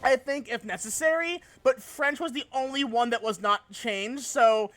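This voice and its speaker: A young man chatting on a live game stream with an unusually high voice, bright and forceful in tone. He talks in a loose, excitable way, swearing freely and breaking into laughter often. It sounds like a streaming desk microphone. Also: moderate pace. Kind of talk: casual live-stream chat while gaming.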